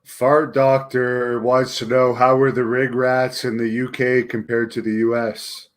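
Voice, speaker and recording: A man's voice: mid-range voice, level tone, a little slow. A man interviewing a guest, reading out viewer questions in brief, plain phrasing.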